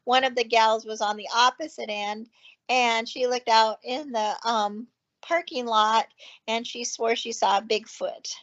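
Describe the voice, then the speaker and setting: Woman, guest, higher voice, chatty, rambling storyteller, lots of fillers, dull lo-fi audio. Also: steady tone, unhurried, fairly bright tone. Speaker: guest, ranch owner. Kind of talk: casual chat.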